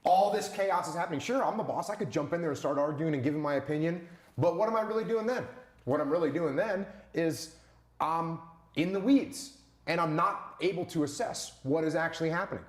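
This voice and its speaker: A man's voice: a little high, brisk, roomy sound. A man answering as an interview guest, talking emphatically with rhetorical questions and repeated short punchlines.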